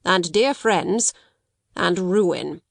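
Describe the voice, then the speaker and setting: A woman's voice: lowish voice, drawn-out words, creaky, no echo, exaggerated voice. A woman reading a storybook voices a shrewd male solicitor who speaks brusquely and with disapproval. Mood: brusque, blunt. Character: curt, shrewd male solicitor, dry little man.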